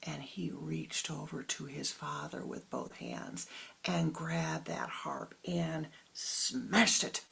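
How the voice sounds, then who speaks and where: A woman spiritual teacher tells a story in a dharma talk, slowly and dramatically, often in a half-whisper. Her voice is very breathy and husky, somewhat low, with a gravelly fry. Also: wildly swooping pitch, a bit bright, poor audio.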